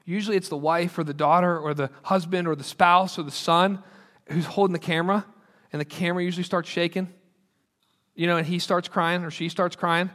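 A man's voice: high voice, fairly even intonation, fairly quick, a bit bright. A man preaching a sermon to a congregation in an earnest, conversational way, acting out quoted lines. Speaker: pastor. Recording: long hall reverb.

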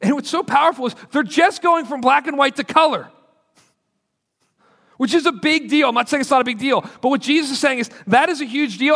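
A man's voice: very high-pitched, a bit bright. A man preaching a sermon to a congregation in an earnest, conversational way, acting out quoted lines. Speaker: pastor. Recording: long hall reverb.

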